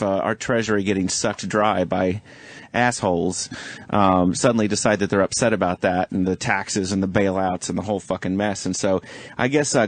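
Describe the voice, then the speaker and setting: A man's voice: on the low side, dry recording. A man hosting a radio show, trading crude, mocking banter with guests in a studio. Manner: profane, animated, mocking. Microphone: studio microphone.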